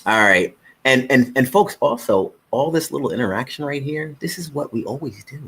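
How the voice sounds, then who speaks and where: Middle-aged guy on a live stream, bright voice, jokey, calls everyone folks. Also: medium pitch, expressive, normal speed, a little hiss or hum. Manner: playful, joking, talks directly to viewers as folks. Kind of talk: casual live-stream chat with viewers.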